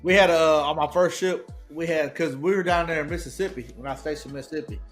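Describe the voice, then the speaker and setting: A man's voice: a little high, fast, faint music behind. A young man in casual podcast chat, telling profane anecdotes and laughing often. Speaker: podcast guest.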